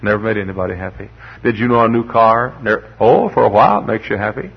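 Talking fast in a lowish, husky voice, a male pastor rambles humorously through folksy stories, stumbling on repeated words. His sermon climbs into emphatic declarations, and the sound is dull and lo-fi, like an old recording.

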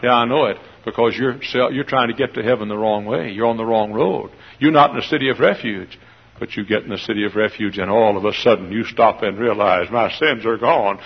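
A male preacher delivering a folksy, lively sermon, breaking into shouts and laughter. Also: medium pitch, fairly quick, gravelly, breathy edge. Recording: dull lo-fi radio recording.

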